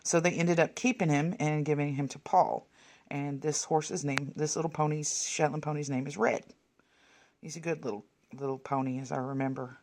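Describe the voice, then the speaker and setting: A woman, chatting casually while leafing through old photos, rambling and muttering soft asides. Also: low-pitched, fairly even intonation, moderate pace. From Texas. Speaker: vlogger. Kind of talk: casual reminiscing over a photo album.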